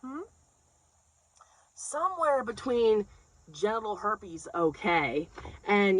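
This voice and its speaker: A woman doing stand-up comedy, telling a story in an animated way and acting out the scenes. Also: on the high side, slow, pauses often, husky, low-quality recording. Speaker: stand-up comic.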